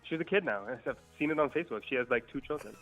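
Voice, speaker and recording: A man's voice: medium pitch, expressive, quick pace, a bit bright, faint music behind, low-quality recording. A young man casually telling a long, profane party story on a podcast, laid-back and swearing freely. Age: young adult. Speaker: guest storyteller.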